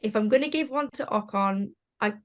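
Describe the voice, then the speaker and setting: A woman's voice: mid-range voice, a little fast. A woman co-hosting a podcast in casual chat. She rambles, hedges and laughs often. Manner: chatty, hedging, laughs often. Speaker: podcast co-host.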